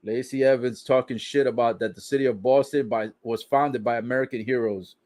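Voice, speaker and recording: A man's voice: mid-range voice, steady tone, fairly quick, a little mellow. A man casually recapping a wrestling broadcast, swearing, joking in slang and laughing often. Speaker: wrestling show reaction commentator.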